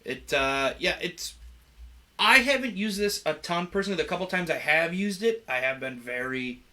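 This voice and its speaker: A young adult man chats casually as a guest on a livestream. He sounds easygoing and laughs often, with a bright, forceful voice pitched somewhat high. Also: expressive, normal speed. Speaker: production manager guest.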